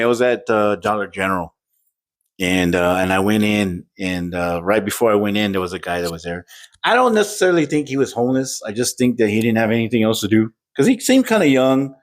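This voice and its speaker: A man co-hosting a podcast, telling stories in a casual, animated way and swearing freely. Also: lowish voice, fast talker. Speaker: podcast co-host. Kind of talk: casual chat.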